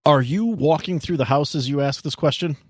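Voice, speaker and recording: A man's voice: on the high side, brisk, husky, no room sound, studio quality. A man narrating a tabletop game as game master in a laid-back, conversational way.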